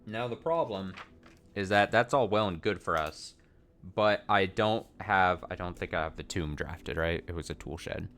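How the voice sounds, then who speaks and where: A man with a low voice gives casual commentary while playing a puzzle game. He thinks out loud, swears freely and pokes fun at himself. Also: normal speed. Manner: thinks aloud, swears casually, self-mocking. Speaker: let's play streamer.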